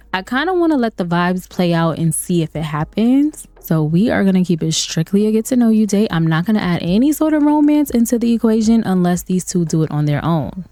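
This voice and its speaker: Chatty woman with a very lively voice. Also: lowish voice, no echo. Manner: chatty, laughing, exclamatory. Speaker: let's play host. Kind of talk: casual gameplay commentary.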